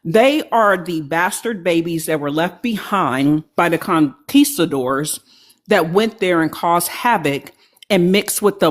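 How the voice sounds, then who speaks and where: Older man, debate participant; blunt, confrontational, cuts people off. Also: fairly high pitch. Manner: blunt, confrontational, talks over others. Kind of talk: heated online debate.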